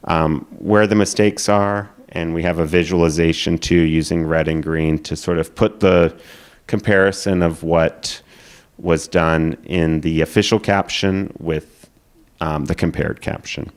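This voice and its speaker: A man giving a conference presentation, explaining quickly with frequent fillers. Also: sits low, fairly even intonation, clean tone. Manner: explanatory, hurried, filler-laden.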